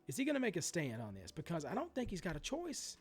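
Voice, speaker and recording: A man in his forties rants about sports card prices, his pitch swinging up and down as he gets worked up. He swears freely, wanders into asides and trips over restarts. Soft music sits faintly behind him. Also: fast, breathy edge. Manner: animated, profane ranting with many asides and restarts. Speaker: sports card collector vlogger. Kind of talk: ranting vlog commentary.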